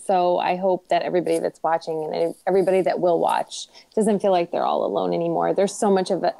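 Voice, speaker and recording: Gravelly woman telling an earnest story. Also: fairly low pitch, dark tone, no room sound. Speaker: panel guest. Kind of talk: casual livestream chat.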